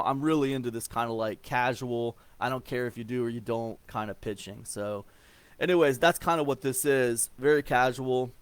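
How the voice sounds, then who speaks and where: Casually walking through email marketing, this Ohio man in his forties keeps circling back with fillers, repeated words, and restarts. His voice is medium-pitched, fairly bright, and clean, captured in a dry recording.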